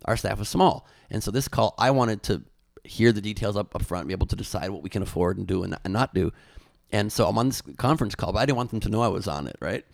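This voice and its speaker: Gravelly low-voiced man telling a story. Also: fast talker, no room sound, studio quality. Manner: animated storyteller, many restarts. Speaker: former presidential candidate and comedian, guest. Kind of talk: casual interview storytelling.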